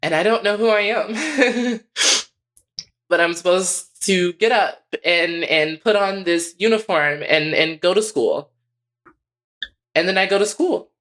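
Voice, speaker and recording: A man co-hosting a podcast, telling a story in a casual, profane and animated way. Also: sits high, a little slow. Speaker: podcast co-host.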